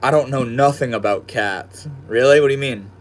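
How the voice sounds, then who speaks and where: A young man chats casually on his livestream from his room at home, calling everyone bro and dude in a laid-back, slangy way. His voice sits at an ordinary middle pitch for a man. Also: moderate pace. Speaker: livestream host. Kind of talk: casual livestream chat reading viewer comments.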